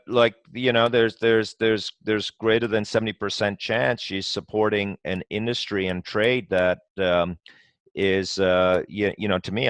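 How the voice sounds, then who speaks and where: A man with a lowish voice talks passionately as a podcast guest, piling up "you know" and starting sentences over as he goes. The sound is dry and close, with almost no room echo. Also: a bit bright, clean tone. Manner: passionate, talks in long runs full of "you know" and restarts. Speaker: guest, company co-founder. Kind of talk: conversational podcast interview.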